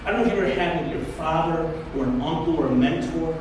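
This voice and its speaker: A pastor with a fairly high voice talks fast, preaching in a casual, joking, animated storytelling way. He's recorded in an echoey church hall with the mic far away, plus a slight hiss or hum.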